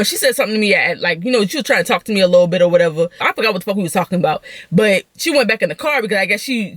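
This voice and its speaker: A young woman venting through a story, talking in a profane, animated way. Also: medium pitch, no echo. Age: young adult. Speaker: vlogger.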